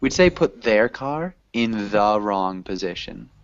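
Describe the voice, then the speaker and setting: A man's voice: fairly low pitch, expressive, takes it slowly, slight background noise. A man teaching an English class, explaining patiently and casually with lots of ums. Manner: patient, loose and chatty, with many ums. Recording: dull lo-fi audio.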